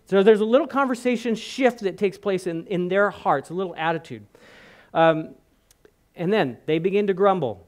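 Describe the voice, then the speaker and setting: Guy preaching in church, highish voice that swings up and down a lot, retells stuff with little asides. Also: moderate pace. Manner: animated storytelling, voicing the crowd and speaking in asides. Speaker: pastor. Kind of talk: sermon.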